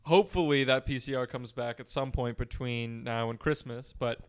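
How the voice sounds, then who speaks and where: Rambling anxious man with smooth voice. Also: medium pitch, steady tone, moderate pace. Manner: rambling, anxious, self-deprecating. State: congested. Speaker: podcast co-host. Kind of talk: casual chat. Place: room at home.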